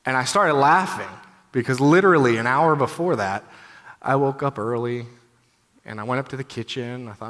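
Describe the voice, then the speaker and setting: A conference speaker in his thirties gives a personal testimony talk, his mid-range, fairly bright voice moving at a normal pace. He sounds candid, heartfelt and conversational, saying "you know" a lot, and the large conference hall adds long reverb.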